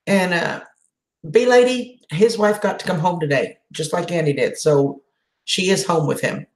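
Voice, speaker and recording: A woman's voice: on the low side, moderate pace, reverberant. A woman hosting a casual live chat, emotional as she answers viewer comments. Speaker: channel host doing a live chat.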